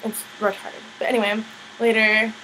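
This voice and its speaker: A woman's voice: fairly high pitch, little pitch movement, normal speed, pushed and bright, a little hiss or hum, low-quality recording. A woman casually recapping a TV episode, rambling with lots of fillers and blunt opinionated asides. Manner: rambling, filler-heavy, chatty.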